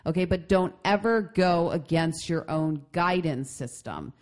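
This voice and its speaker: A woman with a notably low voice co-hosts a casual advice chat. She is middle-aged and talks in an animated way, circling back with restarts and fillers. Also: unhurried. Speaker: podcast co-host.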